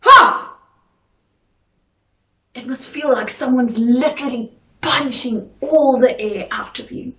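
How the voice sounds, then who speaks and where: A woman drama teacher giving a video lesson, speaking slowly with careful, crisp articulation. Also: high voice, a little mellow. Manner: slow, clearly articulated delivery. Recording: echoey room.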